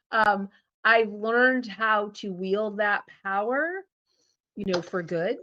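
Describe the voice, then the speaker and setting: A woman guest in an interview tells her stories with energy and acts out each line of dialogue. Her voice sits at a middling pitch. The audio is dull and lo-fi. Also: very slow. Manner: animated storyteller acting out dialogue. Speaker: guest, founder and CEO. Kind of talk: casual interview storytelling.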